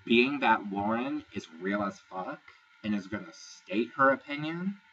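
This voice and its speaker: A man's voice: medium pitch, expressive, measured pace, a bit bright, breathy edge, far from the mic, muffled recording. A man casually recapping a reality show episode, chatty, gossipy and profane. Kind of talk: casual review vlog.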